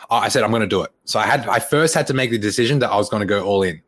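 A young man, a fitness coach, tells a personal story in a relaxed, chatty way. His voice sits a little low, and he slips into the voices of the people he quotes and breaks into laughter now and then. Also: fast talker. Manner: animated retelling, acts out quoted dialogue, laughs often. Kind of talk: casual storytelling.

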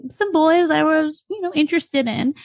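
A woman's voice: high voice, normal speed, darkish tone, no echo. A woman who is a guest on a podcast, telling a personal story expressively and acting out the voices in it. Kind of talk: casual anecdote telling.

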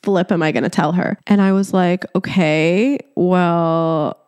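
A woman in her thirties, born in Egypt, hosting a solo podcast and telling a story in a lively, chatty way with frequent laughter. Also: fairly low pitch, a little slow, clear, resonant tone, no room sound. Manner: animated storytelling, laughing often, casual swearing; talks directly to listeners as "your girl". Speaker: podcast host.

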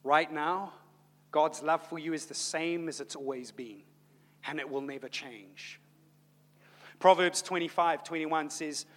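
A man preaching a sermon as pastor, shifting between quiet and loud, exclaimed passages. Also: a little high, unhurried. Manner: dynamic preaching, swings from soft to loud. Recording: long hall reverb.

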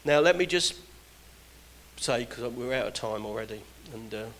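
A man's voice: mid-range voice, animated, moderate pace, fairly bright tone, low-quality recording. A man preaching a sermon, earnest and exhorting, his voice rising and dropping for emphasis.

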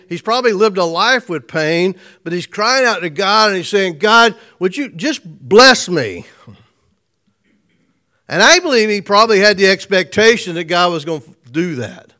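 A man's voice: sits high, bright, forceful tone. A man preaching an informal sermon to a small group, conversational, restarting phrases and chuckling often. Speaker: pastor.

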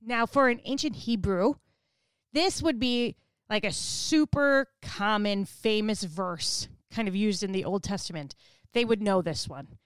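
A woman giving a casual Bible teaching, chatty and animated, laughing often as she paraphrases. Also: medium pitch, clear, resonant tone, no room sound.

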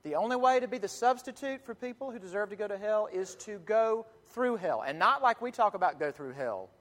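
A man preaching a sermon in earnest, emphatic tones, with dramatic pauses and frequent restarts, in a church sanctuary. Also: high voice, expressive, a bit bright. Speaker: pastor. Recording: long hall reverb.

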